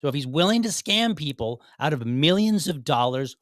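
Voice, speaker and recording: A man's voice: fairly high pitch, expressive, moderate pace, fairly bright tone, no echo, clean studio sound. A man hosting a podcast, giving direct, argumentative commentary and often repeating himself as he builds a point. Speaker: podcast host. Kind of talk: commentary on a played clip.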